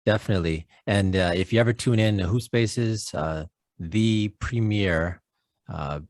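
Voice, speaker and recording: A man co-hosting a sports podcast in casual chat, relaxed and affirming, with many "uh"s and "um"s. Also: fairly low pitch, measured pace, no room sound, studio quality. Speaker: podcast co-host.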